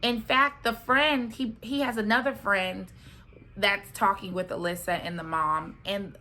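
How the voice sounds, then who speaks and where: A woman's voice: medium pitch, fairly even intonation, measured pace, bright, forceful tone, a little hiss or hum. A young woman chatting casually through a reality TV recap, sassy and talkative, often checking in with "okay?" and "right?".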